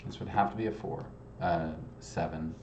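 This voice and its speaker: Canadian guy mumbling sudoku digits, lowish voice, muffled echoey room, keys clacking. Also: fairly even intonation, moderate pace, noisy background. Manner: mutters digits, apologetic and self-mocking. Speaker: puzzle game streamer. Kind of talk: casual solving commentary.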